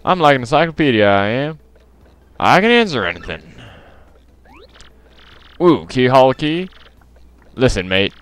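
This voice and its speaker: A man voicing a gruff, pushy dockside sailor while reading game dialogue, in a mock British accent that drifts toward Australian and tacking "mate" onto his lines. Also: medium pitch, big pitch swings, a little slow, long pauses, a bit bright, pitched above the performer's own voice. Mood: brash. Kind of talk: let's play voice reading.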